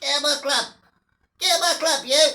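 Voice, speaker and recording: A man mocking a shouty bossy little bloke. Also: very high voice, fairly even intonation, moderate pace, reverberant, pitched above the performer's own voice, full character voice. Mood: bossy shouting. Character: blustering small man ordering people out.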